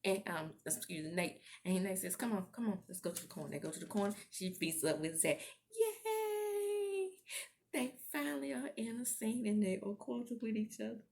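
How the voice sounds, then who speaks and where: A woman's voice: medium pitch, brisk, few pauses, slight background noise. A woman recapping a TV episode in a casual vlog, laughing and acting out the characters' lines as she retells the scenes. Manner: animated, laughing, acts out quotes in character. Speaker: TV recap vlogger.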